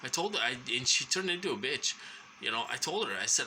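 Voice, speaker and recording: Halting man with a very bright voice. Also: medium pitch, expressive, slight background noise, low-quality recording. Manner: halting, full of ums and restarts. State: short of breath at times. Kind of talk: rambling personal monologue.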